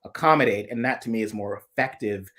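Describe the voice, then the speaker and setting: A man's voice: lowish voice, fairly quick, a bit bright. A man co-hosting a casual live chat, thinking aloud in long analytical asides with frequent restarts. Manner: rambling, analytical, many restarts. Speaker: co-host.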